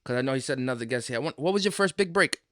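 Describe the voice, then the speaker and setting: A man's voice: mid-range voice, lively intonation, racing, a bit bright, no room sound, clean studio sound. A man hosting a casual podcast, asking questions and throwing in playful, teasing remarks.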